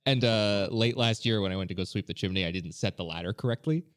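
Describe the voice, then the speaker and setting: A man on a casual podcast chat, making dry, deadpan jokes. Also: lowish voice, fast, clean tone.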